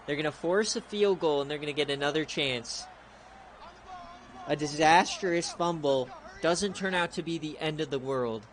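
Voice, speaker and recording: A young man giving laid-back play-by-play commentary on a streamed video game, chatty and prone to excited outbursts. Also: on the high side, moderate pace, background noise. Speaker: league streamer.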